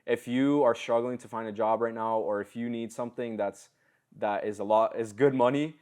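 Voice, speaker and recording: A man's voice: medium pitch, normal speed, clean tone. A young man in his twenties, a podcast guest, telling stories in casual slang. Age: 20s. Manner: storytelling, lively, casual slang.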